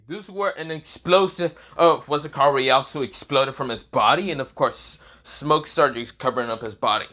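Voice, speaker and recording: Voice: mid-range voice, normal speed, hardly any pauses, bright, forceful tone. A fan-fiction narrator casually retelling a story, rambling with many fillers and self-corrections.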